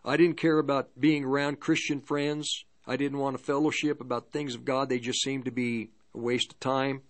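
A man telling a spiritual deliverance story in a rambling, halting way, slipping between first and third person. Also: mid-range voice, little pitch movement. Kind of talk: spoken testimony storytelling.

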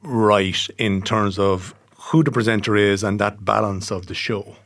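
A man's voice: fairly low pitch, fairly even intonation, measured pace, fairly bright tone, dry recording. Guy hosting a podcast, asks stuff with little hesitations, dry close sound. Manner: conversational, asks questions with small hesitations. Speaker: podcast host. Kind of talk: casual newspaper podcast chat.

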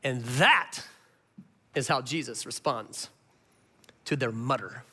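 Pastor, male, sermon. Bright, lively delivery, long hall reverb. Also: medium pitch, takes it slowly, breathy edge. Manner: animated storytelling, rising to impassioned then dropping soft.

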